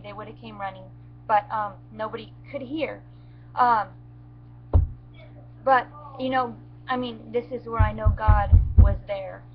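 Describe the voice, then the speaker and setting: A woman with a slightly high voice, telling her story in a halting, shaken way with many restarts. The sound is muffled, with a faint hum underneath. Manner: halting, shaken retelling with restarts and near tears. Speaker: goat owner telling what happened. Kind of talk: emotional first-person storytelling.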